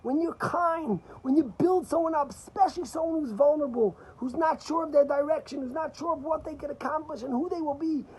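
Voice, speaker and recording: A man's voice: very high voice, brisk, hardly any pauses, darkish tone, rough recording. A man giving a sermon as a rabbi, repeating key phrases for emphasis in an earnest teaching manner.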